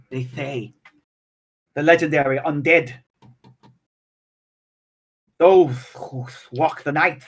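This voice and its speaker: A man voicing a frail, excitable old male scholar with a malformed mouth, who is fussy, stammers, and keeps saying "yes". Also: mid-range voice, breathy edge, rough recording.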